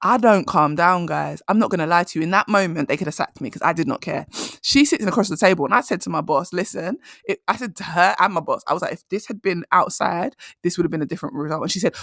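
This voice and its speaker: A woman, a podcast host and coach telling a story in a blunt, animated way with frequent laughs. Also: fairly low pitch, fast talker, creaky, no echo, clean studio sound. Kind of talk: casual storytelling monologue.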